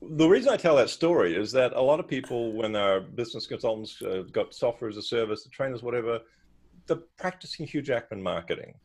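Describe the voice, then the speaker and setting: Animated, husky storyteller man in his fifties. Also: mid-range voice, brisk. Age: 50s. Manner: animated storyteller with frequent restarts. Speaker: podcast guest, marketing advisor. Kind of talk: casual interview storytelling.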